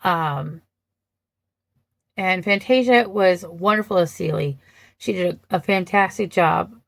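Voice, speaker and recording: Slow, gravelly-voiced woman reviewer. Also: on the low side, no echo. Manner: thoughtful, hesitant, many ums and restarts. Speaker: vlogger reviewing films. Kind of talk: casual film commentary.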